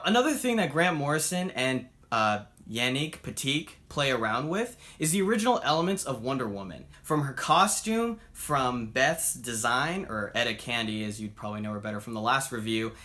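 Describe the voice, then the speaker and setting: A man with a mid-range, expressive voice gives a casual spoken review of a comic book, talking at normal speed with few pauses in a bright, forceful tone. He's chatty and upbeat, acting out the characters' lines as he retells the story.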